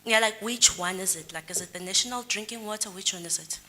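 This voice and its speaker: A woman's voice: mid-range voice, quick pace, pushed and bright. A woman with a South African English accent asking a friendly, chatty question from the audience at a research talk. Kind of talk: conference Q&A question. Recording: faint background noise.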